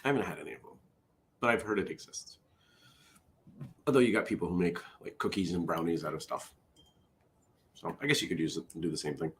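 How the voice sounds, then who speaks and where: A man's voice: sits low, brisk, long pauses, fairly bright tone, a little hiss or hum. A man hosting a casual solo morning show. He rambles, interrupts himself, and drifts into side stories between the jokes he reads aloud.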